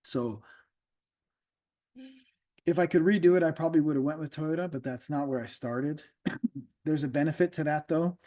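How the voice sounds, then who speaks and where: A man's voice: on the high side, normal speed, long pauses, dark tone. A middle-aged man, an automotive instructor, lecturing a class in a casual, conversational way, often repeating himself and checking in with the students.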